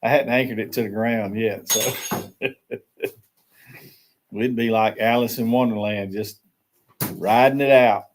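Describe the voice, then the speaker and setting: A man's voice: fairly low pitch, fairly even intonation, measured pace, pauses often, a little hiss or hum. Guy doing a chill coffee chat stream, laughs a lot, says hey to folks. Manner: easygoing, laughs often, greets viewers by name. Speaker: livestream host. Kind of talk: casual morning chat. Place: small shed used as a tiny house.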